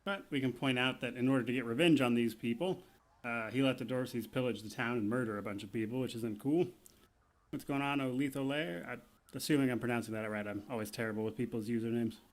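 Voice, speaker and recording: A man's voice: mid-range voice, quick pace. Chill guy narrating a game stream, ums and uhs, normal voice. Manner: relaxed, explanatory, with many fillers. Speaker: gaming streamer. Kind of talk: casual let's-play commentary.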